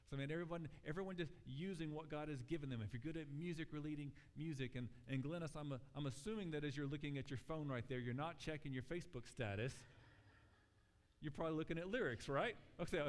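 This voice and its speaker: A man preaching a sermon as pastor, talking in a conversational, animated way and acting out quotes as he tells stories. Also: a little high, fast. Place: church sanctuary. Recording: long church hall reverb.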